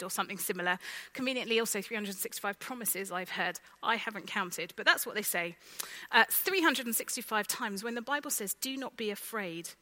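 Lively bright-voiced woman preaching. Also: a little high, poor audio. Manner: conversational, lively, asks the listeners direct questions. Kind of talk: sermon.

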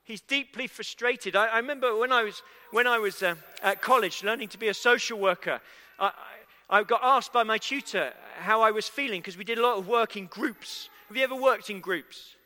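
A man's voice: high voice, fairly quick, bright, forceful tone. A man preaching a sermon to a congregation, talking conversationally and asking them questions. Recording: echoey hall with long reverb.

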